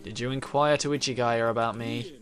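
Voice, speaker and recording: A man voicing an unflappable young male student, speaking in a low, flat deadpan, reading game dialogue aloud. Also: fairly quick, faint music behind, close to an everyday voice.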